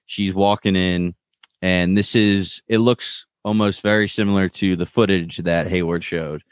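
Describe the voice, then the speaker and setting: Low-voiced male co-host, relaxed recap talker, dry close mic. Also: unhurried, smooth, dry recording. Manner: relaxed, retells scenes with loose paraphrased quotes. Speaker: podcast co-host recapping a TV episode. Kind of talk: casual chat.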